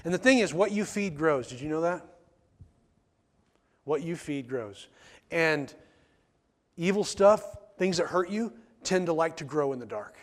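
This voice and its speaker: A man's voice: fairly high pitch, expressive, measured pace, long pauses. A man preaching a sermon in church, emphatic, repeating key phrases and asking the congregation rhetorical questions. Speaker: pastor.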